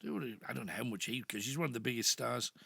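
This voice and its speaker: A man's voice: medium pitch, very fast, gravelly, bright, forceful tone, husky, no room sound. An older man with a Northeast English accent hosting a late-night radio phone-in, telling rambling anecdotes. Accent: Northeast English (Geordie). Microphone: studio microphone.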